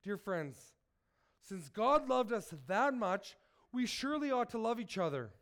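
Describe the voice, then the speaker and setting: A man's voice: very high-pitched, sing-song, measured pace, a bit bright. A man who is sick, reading scripture and preaching, earnest and asking his listeners direct questions. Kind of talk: sermon with Bible reading.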